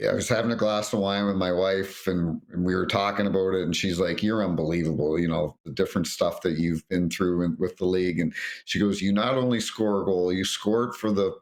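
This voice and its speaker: Man, middle-aged, low-pitched, lively storyteller, acts out quotes, restarts often. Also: a little fast. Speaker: retired hockey referee guest. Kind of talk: telling anecdotes on a sports podcast.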